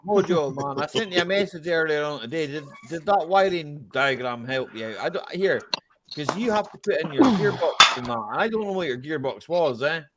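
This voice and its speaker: A man's voice: on the high side, lively intonation, brisk, a loud crowd. A Scottish man hosting a live chat stream on a video call, chatty and laughing often, swearing freely. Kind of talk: casual chat.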